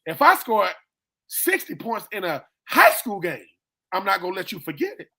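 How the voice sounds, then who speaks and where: A man, a former player, telling stories with animated emphasis on a live-streamed sports talk show. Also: high voice, normal speed, creaky. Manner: animated storytelling, emphatic repetition. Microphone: live stream call.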